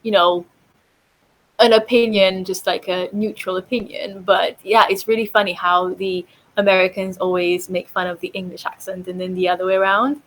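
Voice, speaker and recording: Chatty young woman, medium pitch. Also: flat delivery, moderate pace, fairly bright tone, poor audio. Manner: chatty, full of fillers like "like", laughs easily. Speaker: podcast guest. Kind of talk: casual chat.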